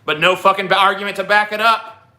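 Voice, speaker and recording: A man's voice: high voice, fairly even intonation, fast, sharp tone. A man hosting a livestream, ranting profanely and combatively at his chat. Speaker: livestream host.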